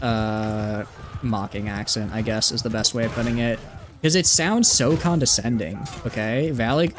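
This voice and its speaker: A man in the middle of a live stream, commenting on his game in a loose, joking, rambling way. His voice sits at an ordinary mid pitch and he leans on "like" a lot. Faint game music plays quietly behind him. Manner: playful, rambling, lots of "like" fillers. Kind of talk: casual live gameplay commentary.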